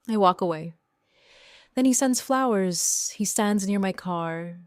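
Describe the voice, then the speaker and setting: A young woman narrating a first-person story in slow, simple, clear sentences for English learners. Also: medium pitch, no room sound, clean studio sound. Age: young adult. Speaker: audiobook narrator.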